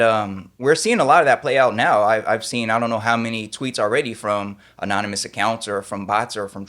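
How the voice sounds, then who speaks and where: A man's voice: on the low side, a bit bright. A man from California hosting a podcast interview in a casual, conversational way, full of "like" and slang. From California, USA. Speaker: podcast host.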